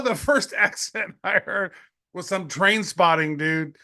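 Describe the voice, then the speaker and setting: Man, bright forceful voice, somewhat high, excitable slangy podcast co-host. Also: slow. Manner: excitable, slangy, laughs often. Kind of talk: casual podcast chat.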